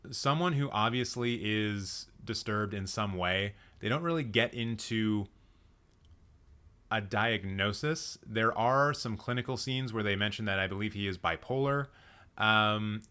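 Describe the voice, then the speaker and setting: A man's voice: on the low side, sharp tone, clean tone. A man hosting a live movie chat stream, thinking aloud with frequent ums and restarts as he reacts to the chat. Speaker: livestream movie chat host. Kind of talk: casual live-stream film discussion.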